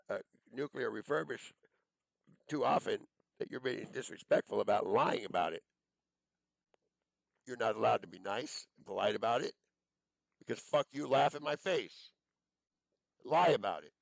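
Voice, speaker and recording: A man's voice: mid-range voice, gravelly, no echo, rough recording. A man delivering an angry, profane monologue, accusing and cursing as he rambles from one charge to the next.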